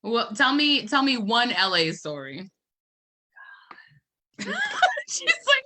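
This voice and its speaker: Bright, lively woman hosting a podcast. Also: fairly high pitch, slow, long pauses, slight background noise. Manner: loud, joking, profane interjections. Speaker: podcast host. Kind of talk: casual chat.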